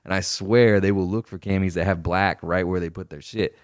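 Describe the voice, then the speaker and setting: A young man with a very low, deep voice who talks quickly, recorded close and dry. He co-hosts a casual podcast, spinning animated stories full of swearing and acting out the people he quotes. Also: smooth, dry recording. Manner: animated storyteller, swears freely, acts out quoted superiors. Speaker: podcast co-host. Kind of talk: casual chat, storytelling.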